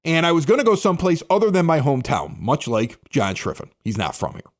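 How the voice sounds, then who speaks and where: Animated Chicago-raised man telling a story. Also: on the high side, fairly quick. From South Side of Chicago. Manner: animated, candid, self-critical. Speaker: podcast host, former radio DJ. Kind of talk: casual storytelling commentary.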